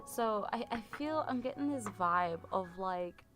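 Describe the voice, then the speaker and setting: A woman's voice: mid-range voice, lively intonation, a little slow, fairly bright tone, soft background music. A woman giving a tarot reading on a live stream, chatty and rambling, with many fillers. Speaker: tarot reader.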